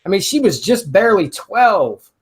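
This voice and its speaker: A man's voice: high-pitched, big pitch swings, moderate pace. A man guesting on a podcast, talking casually and bluntly, swearing freely. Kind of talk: casual conversation.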